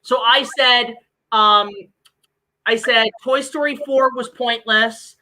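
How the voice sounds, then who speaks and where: A woman's voice: on the high side, steady tone, takes it slowly, bright, forceful tone, low-quality recording. A woman hosting a stream, chatting casually, joking and rambling with a lot of swearing. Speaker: stream host. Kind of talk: casual chat.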